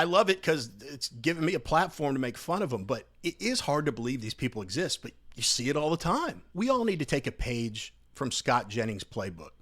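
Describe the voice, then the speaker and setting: A sarcastic young man hosts his own commentary video and talks straight into the camera. His voice sits at an ordinary middle pitch, and his delivery stays loose and mocking as he talks directly to his audience. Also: a bit bright. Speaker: political commentary host. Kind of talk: casual opinion commentary to camera.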